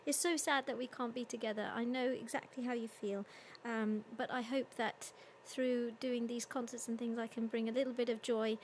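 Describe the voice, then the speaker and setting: Chatty young woman with a higher voice. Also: fairly even intonation, moderate pace, a little hiss or hum. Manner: chatty, giggly, with many ums. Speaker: singer hosting a livestream concert. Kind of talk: casual chat reading viewer comments.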